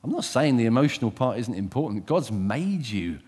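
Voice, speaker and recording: Animated, lively-pitched male preacher. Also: normal speed, husky. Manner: animated, shifting from loud emphasis to quiet intensity; direct, asks the listeners questions. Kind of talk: sermon.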